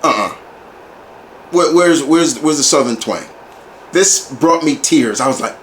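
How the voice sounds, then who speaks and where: A man's voice: fairly high pitch, expressive, measured pace, long pauses. A man giving a casual movie review, talking like an enthusiastic fan who often repeats and restarts his phrases. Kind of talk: casual video review monologue. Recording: roomy echo, faint background hiss.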